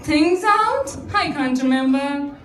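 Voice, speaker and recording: A woman playing a sharp, mocking mother. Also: high voice, animated, slow, full character voice. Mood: cool. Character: fed-up middle-aged mother turning the tables on her family. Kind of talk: amateur stage acting. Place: theatre stage. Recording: echoey hall from far off.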